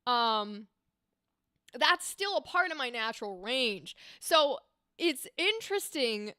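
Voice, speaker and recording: A young woman who is a streamer and voice actor chats casually on a livestream, animated, talking with her hands and explaining through demonstrations. Her voice is fairly high and slow, captured cleanly on a desk microphone with studio quality and no echo.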